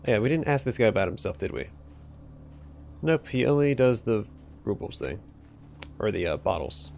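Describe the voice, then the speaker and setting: A man's voice: fairly low pitch, big pitch swings, moderate pace, vocal fry, pauses often, a little mellow. A man hosting a let's play, making wry asides and reading choices aloud with frequent fillers. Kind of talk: casual gameplay commentary and reading dialogue aloud.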